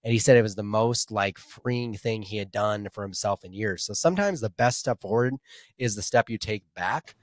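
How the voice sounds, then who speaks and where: Man, podcast guest, casual chat, somewhat low voice, relaxed, restarts often, dry close mic. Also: moderate pace, no echo. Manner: relaxed and conversational, with repeated starts and "like" fillers. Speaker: podcast guest and nutrition practitioner.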